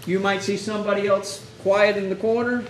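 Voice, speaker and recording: A man's voice: sits high, little pitch movement, brisk, soft background music. A man teaching hospital chaplains in a conversational lecture, often acting out exchanges with grieving families. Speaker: chaplain instructor. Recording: echoey room, mic far off, faint hiss.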